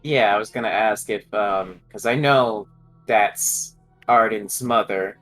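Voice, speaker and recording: A man's voice: fairly low pitch, slow, fairly bright tone, faint music behind, rough recording. A man taking part as a player in a tabletop game, hesitant and thinking aloud. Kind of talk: casual tabletop play.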